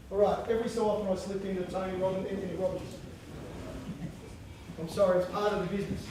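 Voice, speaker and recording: A man giving a lively conference keynote on coaching, chanting lines and acting out inner voices. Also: sits high, slight background noise. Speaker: keynote speaker. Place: large conference hall. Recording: echoey hall from far off.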